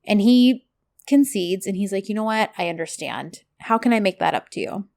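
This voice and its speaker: A woman's voice: medium pitch, moderate pace, a little mellow. A woman co-hosting a casual chat, animatedly retelling scenes and acting out the characters' lines. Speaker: podcast co-host recapping a TV drama.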